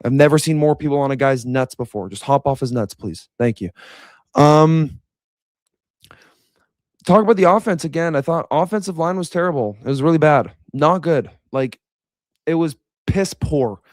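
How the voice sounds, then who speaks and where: A young man giving a blunt, animated reaction rant as a fan commentator. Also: on the high side, moderate pace, dry recording, studio quality. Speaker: sports commentator.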